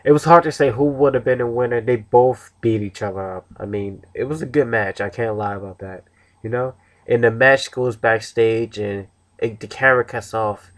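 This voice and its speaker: A man's voice: medium pitch, normal speed. A man giving a casual, rambling review of a wrestling show, with many restarts and fillers.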